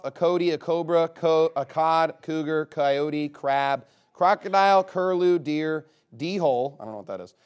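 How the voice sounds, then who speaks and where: A man leading a guessing game with a live group, reading out a long list in a chatty, upbeat way with quick asides. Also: a little high, a little mellow.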